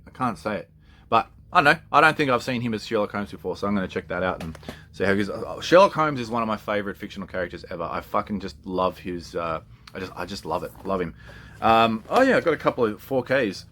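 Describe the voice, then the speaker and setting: A man's voice: lowish voice, fairly bright tone. A man chatting casually and with enthusiasm, often laughing and swearing freely. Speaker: collector. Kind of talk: casual chat.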